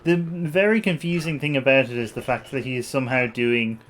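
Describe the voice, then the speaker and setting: A man's voice: medium pitch, fairly even intonation, brisk, a bit bright. A man co-hosting a game stream, making dry, understated remarks in casual chat.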